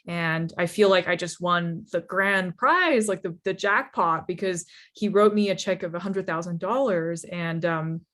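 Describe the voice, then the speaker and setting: A young woman telling her founder story in a lively, casual talk, full of fillers and laughs. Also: lowish voice, measured pace, hardly any pauses. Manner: animated, laughs often, many fillers like "you know" and "like". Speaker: startup founder speaker.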